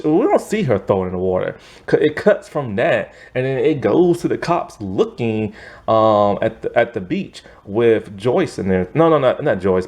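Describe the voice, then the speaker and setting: A man's voice: medium pitch, vocal fry, darkish tone. A man recapping a TV series in a casual, rambling way, correcting himself often and acting out the characters' lines. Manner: rambling, self-correcting, acts out quotes with "he's all like". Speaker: TV series reviewer.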